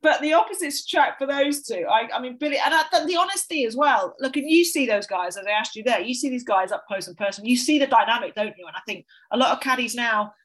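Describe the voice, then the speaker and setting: A woman hosting a golf podcast in an upbeat, appreciative way, quick to laugh. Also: fairly high pitch, lively intonation, a bit bright, low-quality recording. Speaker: podcast host. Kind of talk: casual chat.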